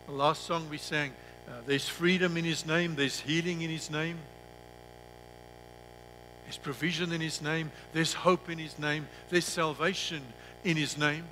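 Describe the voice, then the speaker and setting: A man preaching a sermon as pastor, who slows down and drops his voice on key words and repeats himself when telling a story. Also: on the high side, steady tone, sharp tone, slight background noise, rough recording.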